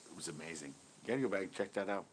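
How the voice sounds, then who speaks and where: A man's voice: low voice, animated, rapid-fire, a little hiss or hum. A man co-hosting a live stream, rambling and laughing through casual jokey chat.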